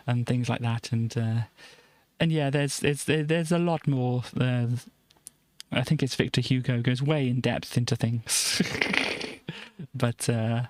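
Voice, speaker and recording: A man's voice: medium pitch, slow pace. A man streamer chatting casually on a live stream, rambling with lots of restarts and giggles.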